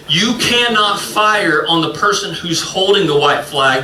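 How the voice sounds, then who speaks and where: Male pastor, slightly high voice, rambling and self-mocking, recorded in an echoey sanctuary. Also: bright, forceful tone, recorded from a distance. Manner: rambling, self-mocking storytelling with frequent fillers. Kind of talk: sermon. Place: church sanctuary. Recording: echoey room, voice from off-mic.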